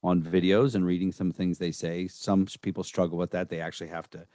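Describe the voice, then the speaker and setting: A man co-hosting a podcast, introducing a guest in relaxed, rambling chat. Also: deep voice, a little fast, dry recording. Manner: relaxed, rambling, many "uh" and "um" fillers. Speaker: podcast co-host. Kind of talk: casual chat.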